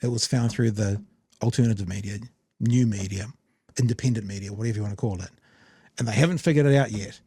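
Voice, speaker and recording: A man's voice: lowish voice, quick pace, mellow, breathy edge, no room sound, clean studio sound. A man hosting a podcast, giving casual, rambling commentary full of restarts. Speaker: podcast host.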